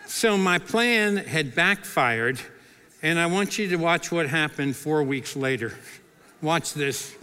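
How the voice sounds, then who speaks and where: Bright, lively middle-aged preacher man. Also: a little high, slow pace, smooth, in a large hall. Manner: animated, acts out quoted voices with humor. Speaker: pastor. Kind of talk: sermon storytelling.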